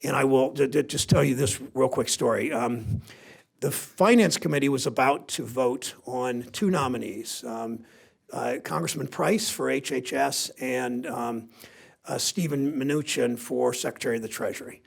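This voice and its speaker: A man in his sixties from Ohio with a raspy, gravelly voice, giving a rambling, self-deprecating keynote speech with anecdotes to a seated audience. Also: mid-range voice, moderate pace. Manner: rambling, self-deprecating storyteller with many restarts. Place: briefing room before a seated audience.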